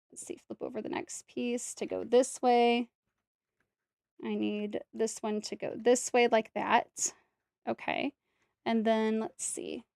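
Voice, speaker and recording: A woman's voice: a little high, dry recording, clean studio sound. A woman streaming herself building a brick set, chatting casually to viewers and talking to herself as she corrects mistakes. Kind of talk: casual step-by-step build commentary.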